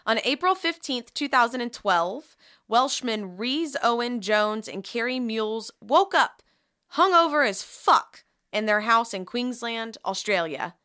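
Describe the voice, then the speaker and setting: A woman co-hosting a casual podcast, telling a true crime story in a joking, profane way with quick bursts. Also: fairly high pitch, animated, sharp tone. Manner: joking, swears freely, tells the story in rushed bursts. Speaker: podcast co-host.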